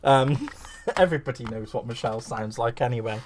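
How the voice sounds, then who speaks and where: A man's voice: medium pitch, lively intonation, brisk, a little hiss or hum. Chatty man gushing over crafts. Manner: gushing, rambling, greets viewers fondly. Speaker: craft livestream host. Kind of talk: chatty live crafting stream.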